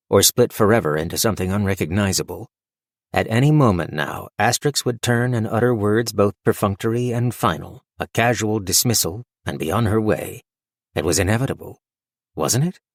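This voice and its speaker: A man narrating a fantasy audiobook in a measured, wry storytelling manner on a close mic. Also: on the low side, no echo. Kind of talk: scripted narration.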